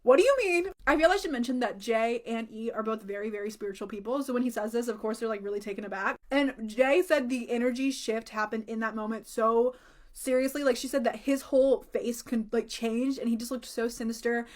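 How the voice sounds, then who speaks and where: A woman's voice: fairly high pitch, fairly even intonation, brisk, a little mellow. A woman casually recounting a creepy story from a friend, talking loosely with lots of "like" and casual swearing. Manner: chatty, says "like" often, swears casually.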